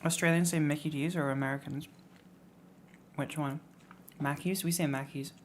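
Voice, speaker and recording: A young woman with a British accent chats loosely to her viewers in a low-pitched voice. Her sentences wander and often drop away softly at the end. A faint background ambience sits under the talk. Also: fairly even intonation, moderate pace, slight background noise. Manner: rambling, trails off quietly at ends of phrases. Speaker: streamer. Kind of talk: casual live-stream chat.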